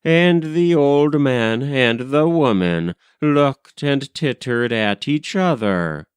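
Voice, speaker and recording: A man reading narrative poetry aloud with a rhythmic, measured verse delivery. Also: mid-range voice, expressive, clean tone, dry recording.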